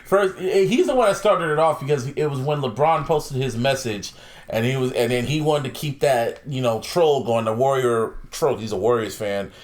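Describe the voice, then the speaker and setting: A man in an easygoing podcast chat with a mid-pitched voice. He jokes around and slips into exaggerated impressions of people, with his pitch jumping high and low. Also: normal speed. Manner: relaxed, joking, mimics people with pitch jumps. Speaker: podcast co-host. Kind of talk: casual chat.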